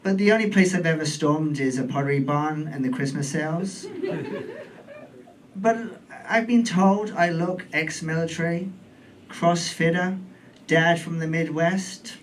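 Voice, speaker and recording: A British man in his forties performing a stand-up comedy set on a club stage, camp and playful with deadpan asides. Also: fairly high pitch, measured pace. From United Kingdom. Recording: distant mic in comedy club, faint room noise.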